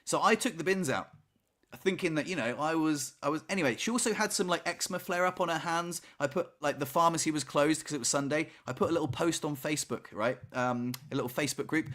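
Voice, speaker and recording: A man with a fairly high voice co-hosts a casual podcast chat. He tells his story in an animated, rambling way, checking in with "right?" and "you know" as he goes. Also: fast. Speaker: podcast co-host.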